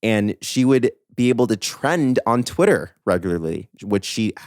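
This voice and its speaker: A young man hosting a podcast, giving animated, opinionated commentary on pop music news with emphatic asides. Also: lowish voice, moderate pace, clean tone, dry recording, studio quality. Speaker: podcast host.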